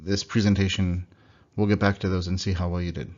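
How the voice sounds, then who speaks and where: A man teaching a recorded slideshow lesson on pronunciation, speaking in a relaxed way with many fillers and restarts. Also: low voice, brisk, muffled recording. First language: English. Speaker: language teacher. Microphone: computer microphone for a slideshow recording.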